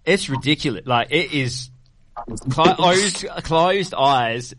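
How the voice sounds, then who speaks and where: A man hosting a casual interview who asks questions eagerly. His voice gets louder when he is excited. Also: on the high side, takes it slowly, background noise. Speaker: interview host.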